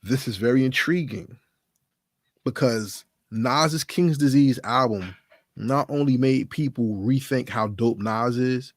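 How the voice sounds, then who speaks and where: A man's voice: mid-range voice, slow pace, no room sound, clean studio sound. A man hosting a hip-hop commentary channel, talking casually and emphatically to his viewers, with plenty of rhetorical questions. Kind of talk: casual solo commentary to camera.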